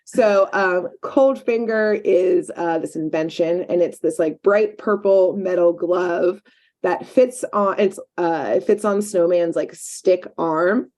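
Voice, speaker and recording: Recapping a cartoon episode as a podcast co-host, a woman keeps things casual and chatty, leaning heavily on "like" and "um." She talks slowly, with a fairly low pitch and a darkish tone.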